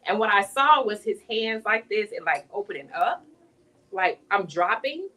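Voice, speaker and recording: A woman's voice: medium pitch, normal speed, distant mic. A woman, sharing an emotional personal faith story in an interview as an author guest. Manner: emotional testimony, animated storytelling. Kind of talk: conversational interview.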